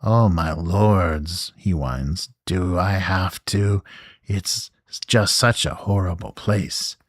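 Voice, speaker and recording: A man's voice: low voice, takes it slowly, no room sound, clean studio sound. A man voicing a whiny, cowardly male troll servant in a tabletop adventure, grumbling and complaining. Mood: whining. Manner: whining, grumbling.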